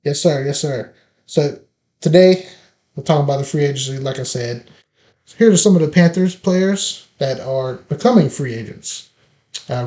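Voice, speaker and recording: A man hosting a casual sports podcast, listing players in a relaxed, chatty way. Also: mid-range voice. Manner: opens with playful scripted biblical flood wordplay, then relaxed listing. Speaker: podcast host.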